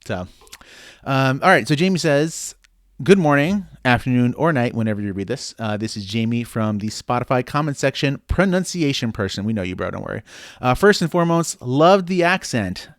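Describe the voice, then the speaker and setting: A man's voice: mid-range voice, expressive, a little fast, no room sound, studio quality. A man co-hosting a casual podcast, reading out a listener email with bro-ish jokes. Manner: joking, bro-ish banter. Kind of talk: casual chat.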